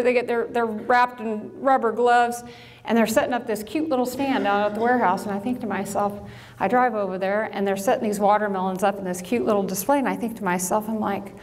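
Middle-aged woman telling a lively story in a reverberant hall. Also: a little high. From Illinois, USA. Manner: lively storyteller, acts out quotes, self-mocking asides. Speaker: farm business owner and speaker. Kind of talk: storytelling talk to an audience.

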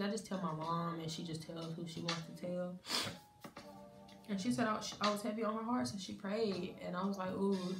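Young woman, lowish voice, casual storytime, candid and chatty, echoey room, music playing underneath. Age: young adult. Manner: candid, conversational, acts out family dialogue. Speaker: college student vlogger.

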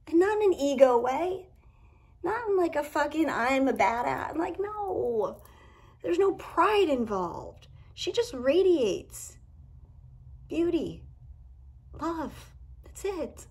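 At home indoors, a woman gives a casual tarot reading, speaking candidly, cursing freely, and adding emphatic asides. Her high, expressive voice is a little mellow, moving at a slow pace with long pauses.

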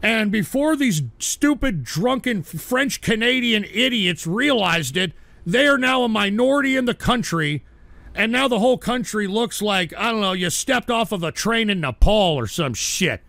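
High, gravelly ranting show host. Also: male voice, lively intonation, normal speed, no echo. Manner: abrasive, bursts into shouting. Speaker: livestream radio show host. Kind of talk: profane on-air rant reading chat.

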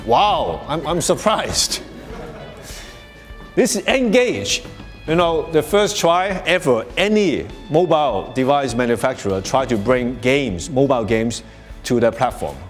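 A man presents to an audience at a live workshop, his medium-pitched voice lively in intonation and measured in pace, with faint music behind him. He talks conversationally, restarting often, dropping lots of "you know"s and chuckling frequently as he explains.

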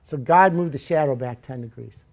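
A man preaching a sermon in a church, telling Bible stories in a lively, joking way. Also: mid-range voice, moderate pace, vocal fry.

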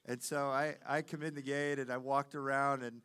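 A man preaching as a pastor, telling a personal story in a lively way and acting out the voices of the people in it. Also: medium pitch, normal speed, smooth. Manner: animated storyteller, acts out quoted voices. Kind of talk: sermon with storytelling.

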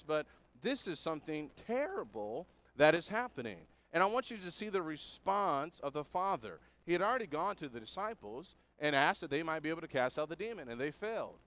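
Going through a scripture passage verse by verse, a preacher with a higher, fairly bright voice explains it earnestly and asks his congregation questions.

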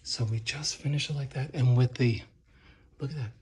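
With a steady, darkish, medium-pitched voice at normal speed, a painting instructor demonstrates painting a door indoors, narrating while he works. He frequently lowers to a whisper and tosses joking asides to viewers, with slight background noise present.

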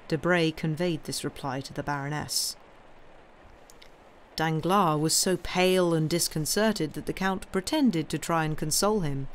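A woman reading a classic novel aloud on a livestream in clear, measured narration. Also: low-pitched, slight background noise. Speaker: reader.

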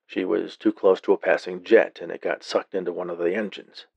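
Deadpan cop, read by a man, low husky voice, flat and unbothered. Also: fairly quick, no room sound, highs cut off, full character voice. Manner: flat, matter-of-fact. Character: calm deadpan male police officer.

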